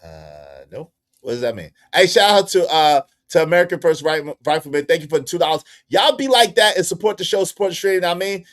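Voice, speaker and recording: A man hosting a casual livestream, talking to his chat in an animated, repetitive way. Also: a little high, quick pace. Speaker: livestream host.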